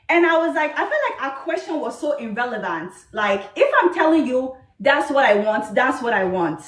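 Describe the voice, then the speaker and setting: Accented woman guest, high voice, insistent, echoey room in a played clip. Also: lively intonation, moderate pace, few pauses. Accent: foreign accent. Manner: insistent, defends her point. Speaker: podcast guest. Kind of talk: defensive conversation on a talk show.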